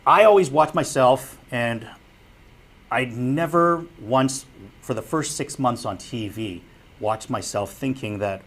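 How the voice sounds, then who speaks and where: A man's voice: mid-range voice, takes it slowly, a bit bright. Earnest man giving a broadcasting lecture. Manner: earnest, direct, repeats key advice. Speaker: broadcasting instructor and former sportscaster. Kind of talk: public lecture.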